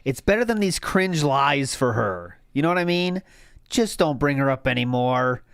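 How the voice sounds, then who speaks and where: A man's voice: mid-range voice, lively intonation, moderate pace, a bit bright, clear, resonant tone, no room sound, clean studio sound. A man hosting a watch party, mocking a streamer with sarcastic running commentary. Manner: sarcastic, derisive.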